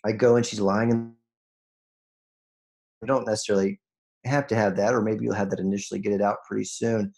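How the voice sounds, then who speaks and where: A man giving a heartfelt motivational talk on a video call, earnest and emotional, restarting his phrases and rising in pitch when moved. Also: fairly even intonation, fairly quick, creaky, pauses often, darkish tone. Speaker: guest speaker on a group call.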